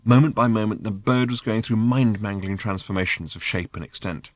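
A man narrating an audiobook in measured, lively storytelling. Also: fairly low pitch, no echo, clean studio sound. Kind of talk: scripted narration.

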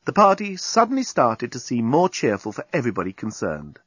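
A man narrating a storybook with a lively, expressive reading. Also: mid-range voice, fairly quick, husky, dry recording. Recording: dull lo-fi recording.

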